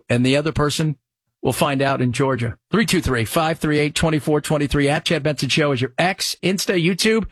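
A talk radio host, a man with a slightly husky, raised voice, rambles from story to story in a loose conversational way. His studio mic sounds dry and close, with no room in it. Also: fairly high pitch, dry recording. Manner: rambling, conversational, jumps between topics. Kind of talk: casual radio talk and live reads.

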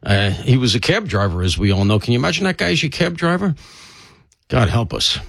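Older NY talk radio host, animated pitch, dry studio sound, joking rambling delivery, a bit stuffy. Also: male voice, a little fast, creaky, husky, dry recording. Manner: chatty, joking, grumbling asides. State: stuffy from allergies. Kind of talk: casual talk radio monologue. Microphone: studio mic.

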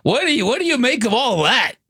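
A man's voice: very high-pitched, very animated, brisk, bright, forceful tone, husky, dry recording, clean studio sound. A man co-hosting a sports radio show, asking his guest questions and laughing easily. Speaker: radio co-host. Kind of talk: casual sports radio chat.

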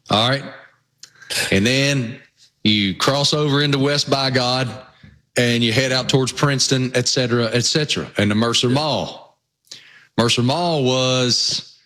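A man's voice: medium pitch, unhurried, fairly bright tone. Man, Southwest Virginia accent, folksy rambling storyteller, co-host, casual sports chat, mid-range voice.

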